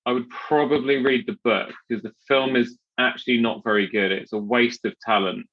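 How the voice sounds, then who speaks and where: A man hosting a podcast in relaxed, rambling chat, often restarting his sentences. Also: medium pitch, moderate pace, dull audio. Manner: chatty, rambling with many restarts and fillers. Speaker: podcast host.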